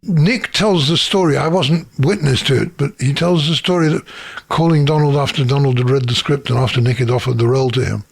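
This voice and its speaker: Gravelly older man telling anecdotes. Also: medium pitch, a little fast. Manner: chuckling raconteur who acts out voices in his anecdotes. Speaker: screenwriter and producer. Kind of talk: interview, anecdotal storytelling. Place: office.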